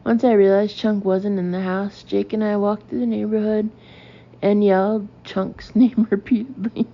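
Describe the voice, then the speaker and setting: A woman narrating a comic memoir audiobook in a dry, deadpan way. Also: mid-range voice, moderate pace, muffled recording.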